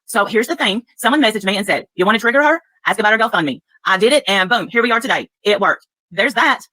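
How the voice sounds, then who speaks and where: Taunting, fast-talking profane woman. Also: mid-range voice, expressive, sharp tone, no room sound, poor audio. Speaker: guest caller. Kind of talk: heated livestream argument.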